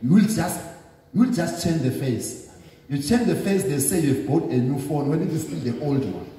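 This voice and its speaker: A man's voice: fairly high pitch, expressive, moderate pace, dark tone. A man preaching as a bishop, delivering an emphatic sermon that keeps checking in with the congregation. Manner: emphatic, repetitive call-and-response preaching. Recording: echoey hall, distant mic.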